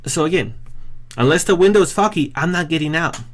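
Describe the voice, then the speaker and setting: A man's voice: on the high side, lively intonation, a little fast. A man talking straight to camera in a casual, rambling vlog, self-deprecating and often restarting his sentences. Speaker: vlogger.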